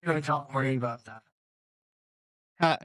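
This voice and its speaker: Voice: medium pitch, moderate pace, no echo, clean studio sound. A player in a tabletop game, joking and laughing between rolls. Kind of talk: playing a character in a tabletop game.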